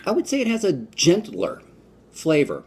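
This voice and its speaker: A man's voice: on the high side, huge pitch swings, moderate pace, darkish tone, breathy edge. A man from the United States giving a casual, rambling food review vlog, with fillers and restarts. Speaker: vlogger.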